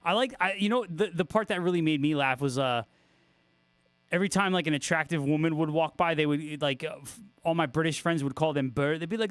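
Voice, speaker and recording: Guy on a guitar stream, kinda high voice, super casual, jokes and swears a lot, dry close sound. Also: a little fast, clean tone, no room sound. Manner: laid-back, joking, swears freely and laughs often. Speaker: guitarist hosting a livestream. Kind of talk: casual livestream chat, reading viewer comments.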